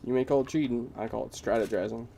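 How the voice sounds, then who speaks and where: A man's voice: mid-range voice, fast, vocal fry, warm tone, slight background noise. A young man streaming a video game, chatting casually with crude, joking banter and lots of swearing. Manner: self-mocking, giggly banter. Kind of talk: casual gaming commentary.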